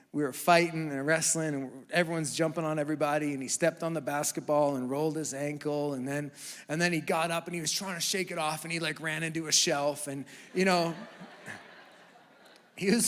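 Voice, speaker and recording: A man in his thirties preaching a sermon with humor, moving from hushed asides to loud, fervent passages. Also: on the high side. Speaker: pastor. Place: church auditorium. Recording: long church hall reverb.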